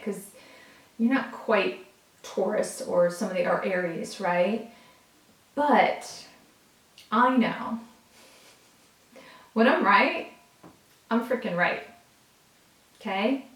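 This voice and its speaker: Excitable woman tarot reader, roomy sound. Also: mid-range voice. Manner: chatty, excitable, talks straight to viewers. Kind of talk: casual tarot reading to camera. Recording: roomy, from a distance.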